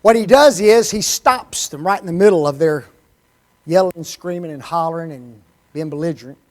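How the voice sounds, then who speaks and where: A man preaching a sermon in church, animated, constantly asking the congregation rhetorical questions. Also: a little high, moderate pace.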